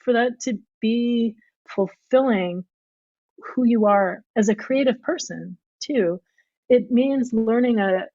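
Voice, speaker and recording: A woman's voice: on the high side, slow pace, mellow, no room sound, dull audio. A middle-aged woman, a graphic novelist and guest, talking reflectively, qualifying her thoughts with "you know" and "I mean.". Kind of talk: reflective interview talk.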